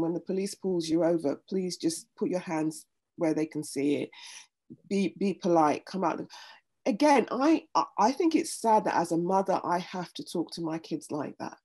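A middle-aged woman speaking earnestly as an interview guest, animated when retelling stories. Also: on the low side, normal speed. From United Kingdom. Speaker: interview guest, pastor and former nurse. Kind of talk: reflective conversation.

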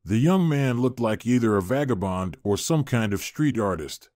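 A man reading a scripted story as narrator in a steady storytelling manner. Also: mid-range voice, moderate pace, no echo, clean studio sound.

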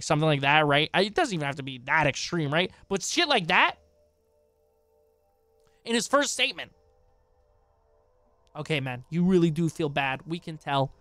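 A man streaming live and reacting to online drama, swearing and exclaiming, his voice going hoarse from talking so long. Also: fairly high pitch, fairly bright tone, no echo. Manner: profane, exclaiming, talks back at what he reads.

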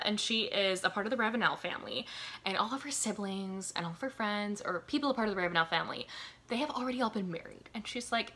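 Chatty bright-voiced young woman. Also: mid-range voice, expressive, quick pace. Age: 22, college student. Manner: rambling, lots of "like" and "um", frequent laughs. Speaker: book reviewer. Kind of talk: casual chatty book recommendations.

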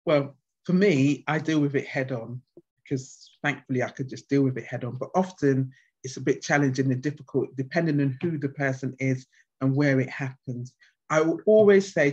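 A woman guest speaker at a conference, answering questions with passionate, animated stories. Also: rumbling low, husky. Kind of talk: conference Q&A with anecdotes. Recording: dull lo-fi sound.

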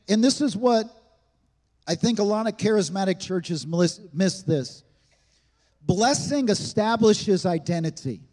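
High-voiced pastor preaching in a reverberant hall. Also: male voice, mellow. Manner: emphatic, conversational preaching with rhetorical questions. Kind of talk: sermon. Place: church sanctuary.

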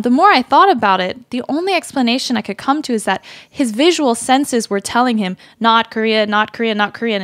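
A woman's voice: a little high, no room sound, studio quality. A young woman co-hosting a casual chat, telling stories animatedly and acting out what people said. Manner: animated, acts out quotes in funny voices. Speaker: podcast co-host.

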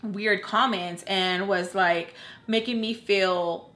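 A woman's voice: medium pitch, steady tone, takes it slowly, fairly bright tone. Young adult woman, vlogger; casual storytime delivery, rambling and emphatic, heavy "like" filler. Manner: rambling, fills with "like" constantly; candid, emphatic, cuts off swears. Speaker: YouTube storyteller.

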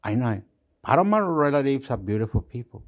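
A man with a mid-range, sing-song voice rambles through a brisk, casual monologue, swearing as he goes. He mixes English with Spanish now and then, and the sound is lo-fi.

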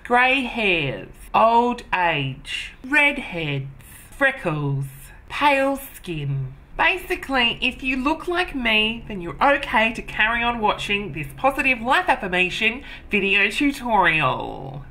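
A man's voice: extremely high pitch, sing-song, slow, bright, forceful tone, exaggerated voice. A man playing a vain, self-obsessed woman who gushes over her own mirror image in a comedy sketch. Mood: gushing. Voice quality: wig-wearing drag persona, chatty and gushing. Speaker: comedy character host.

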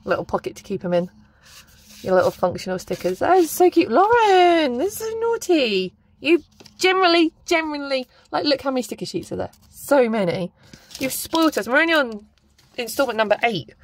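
A woman's voice: sits high, quick pace. Gushing woman unboxing stationery. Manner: gushing, excitable, exclaims often. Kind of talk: casual unboxing chat.

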